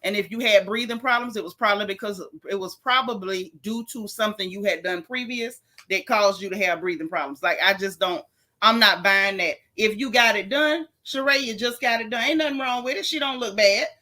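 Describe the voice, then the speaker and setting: Bright-voiced woman chatting loose and candid on her live stream, slangy and talking straight to her viewers. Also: mid-range voice, a little fast. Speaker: live-stream host recapping a reality show. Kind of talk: casual live-stream chat.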